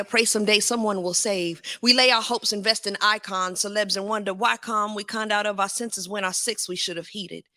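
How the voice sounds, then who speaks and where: Gravelly-voiced woman reciting spoken word. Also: medium pitch, pushed and bright, dry recording, studio quality. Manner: rhythmic, measured recitation. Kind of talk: spoken word poetry performance.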